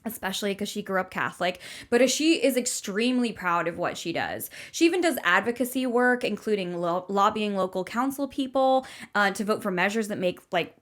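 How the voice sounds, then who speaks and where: A woman co-hosts a casual book podcast. Her voice rises and falls a lot. She chimes in with jokes and quick agreement and adds her own stretches of plot recap. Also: mid-range voice, lively intonation, a bit bright. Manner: agreeable, joking, laughs along. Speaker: podcast co-host.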